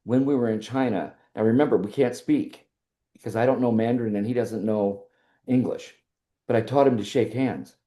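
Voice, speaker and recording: An older man, a podcast guest, telling personal stories in a relaxed interview and acting out the lines of others. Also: mid-range voice, moderate pace. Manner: animated storyteller who acts out quoted dialogue. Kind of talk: casual interview storytelling.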